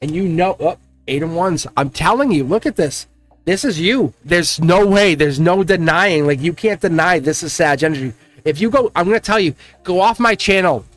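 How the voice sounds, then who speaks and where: A man giving a casual, rambling tarot reading, talking excitedly and directly to the viewer. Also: sits high, moderate pace, no echo, faint music behind. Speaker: tarot card reader.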